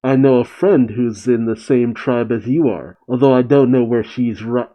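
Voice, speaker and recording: A man reading as a calm smug villain. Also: mid-range voice, normal speed, highs cut off, lightly acted. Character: calm, probing male villain, quietly smug.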